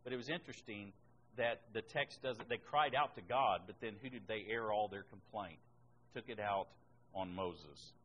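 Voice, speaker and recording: A man preaching a sermon and reading scripture aloud, rising sharply in pitch and volume on the words he stresses. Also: normal speed, a bit bright, dull audio, a little hiss or hum. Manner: emphatic, rises in pitch and volume on key words.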